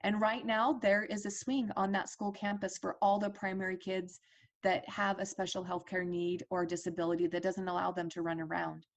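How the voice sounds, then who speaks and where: A woman's voice: fairly low pitch, gravelly. A woman in her forties telling a personal story as a parent advocate, earnest and conversational with fillers and restarts.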